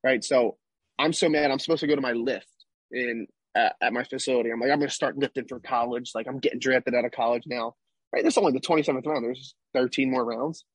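A man's voice: mid-range voice, steady tone, quick pace, breathy edge, no room sound. A young man, a baseball player, recounting his past as a guest in a casual interview, rambling and tagging lines with "right?". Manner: rambling, tag questions like "right?".

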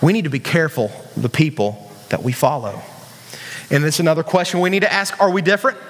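High-voiced preacher joking with a crowd. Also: male voice, fast, in a large hall. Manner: casual, joking, asks the crowd questions. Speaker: youth pastor. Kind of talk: sermon.

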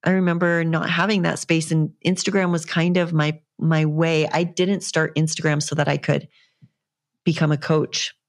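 Low, gravelly-voiced woman podcaster. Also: little pitch movement, moderate pace. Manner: earnest, encouraging, rambling. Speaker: fitness coach and podcast host. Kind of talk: casual solo podcast monologue.

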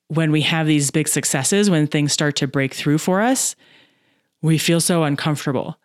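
A woman coaching on mindset in a solo podcast, lively and chatty, often adding "right?" and acting out inner voices. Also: deep voice, dry recording, studio quality. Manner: acts out inner voices and laughs at herself.

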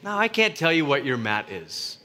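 A man's voice: fairly high pitch, very animated, normal speed, pushed and bright. A man preaching a sermon as a pastor, earnest and conversational, often restarting his words. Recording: reverberant hall.

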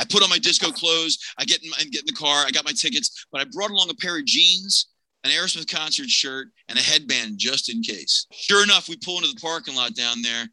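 A man in his fifties from Pennsylvania, telling a personal tale as a podcast guest with lively energy and voicing each person in it himself. His voice is very bright and forward, recorded dry and close. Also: fairly high pitch, no echo, poor audio. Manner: animated, acts out the people in his story. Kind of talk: personal storytelling.

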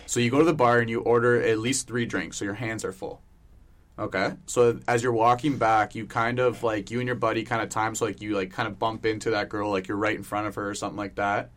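A man's voice: lowish voice, little pitch movement, brisk, a bit bright. A young man co-hosting a casual sports podcast, telling rambling stories full of fillers and laughing often. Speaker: podcast co-host. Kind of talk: casual chat.

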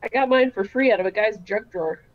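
A woman playing her character in a tabletop game, chatty and playful with quick questions. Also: medium pitch, highs cut off. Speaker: player.

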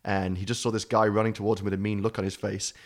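A man's voice: on the low side, flat delivery, quick pace. Sweary, rambling man. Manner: rambling, swears freely, laughs often. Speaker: podcast co-host telling a story. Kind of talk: casual chat.

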